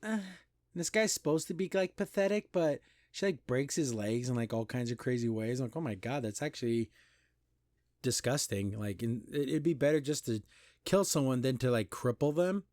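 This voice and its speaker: A man hosting a podcast, recapping and criticizing an animated pilot in casual, exasperated commentary with mocking quoted voices. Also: medium pitch, normal speed, dry recording, clean studio sound. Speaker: podcast host reviewing an animation.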